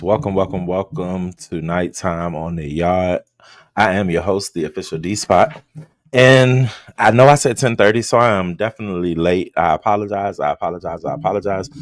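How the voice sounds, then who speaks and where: A man with a lowish voice hosts a casual livestream from a room at home, talking bluntly and swearing freely as he greets people in the chat. The sound is dry and close, with no room echo. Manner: blunt and profane, greets chat viewers by name. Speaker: livestream host. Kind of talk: casual live-stream chat and gossip commentary.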